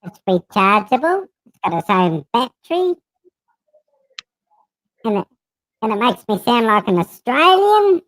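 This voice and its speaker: Kiwi man via pitch-shifter as a squeaky joking Aussie bloke, slow and jumpy. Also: very animated, fairly bright tone, heavily acted. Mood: larking. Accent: New Zealand. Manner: joking, teasing. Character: helium-high cheeky Aussie bloke, male adult. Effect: pitch-shifting voice changer.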